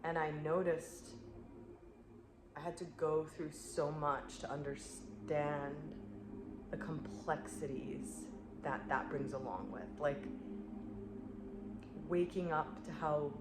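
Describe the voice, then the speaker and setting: A woman spiritual coach speaking in an earnest, searching way, full of "like" and soft laughs, in a reflective monologue. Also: sits low, fairly even intonation, slow, pauses often. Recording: echoey room with clear background noise.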